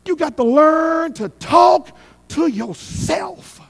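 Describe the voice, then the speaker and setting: A middle-aged man delivering a fiery sermon in a strikingly high voice. His pitch rises and falls dramatically as he repeats his phrases in a call-and-response rhythm. He moves between shouted peaks and quick, quiet asides. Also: lively intonation, gravelly. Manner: fiery preaching that swings between shouts and hushed, fast asides; repetitive call-and-response cadence. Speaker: guest preacher.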